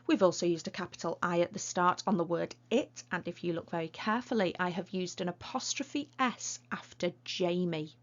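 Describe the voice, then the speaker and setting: A British woman teaching young children, her voice on the low side as she explains a dictation lesson patiently and clearly, with a playful touch. The recording sounds a little muffled and lo-fi. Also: normal speed, few pauses. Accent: British English. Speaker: primary school teacher.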